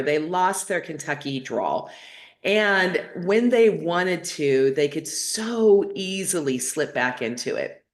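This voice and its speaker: A middle-aged woman hosting her own show, telling a story to her viewers in a chatty, rambling way with many fillers and restarts. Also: low voice. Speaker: host of a spiritual talk show.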